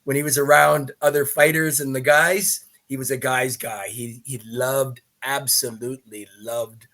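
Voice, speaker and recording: Lively man telling stories. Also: mid-range voice, a little slow. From Canada. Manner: lively, with many restarts and asides. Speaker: podcast guest. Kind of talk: animated storytelling in a podcast interview.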